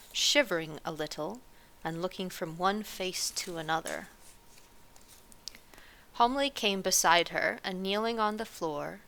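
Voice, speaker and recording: Woman reading a storybook aloud, bright. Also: fairly low pitch, creaky, poor audio. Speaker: narrator reading a children's book.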